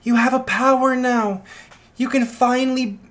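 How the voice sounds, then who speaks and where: A man voicing a frantic, doting middle-aged mother in a casual fan story, speaking high and breathless. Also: steady tone, a little slow, a bit bright. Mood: gushing.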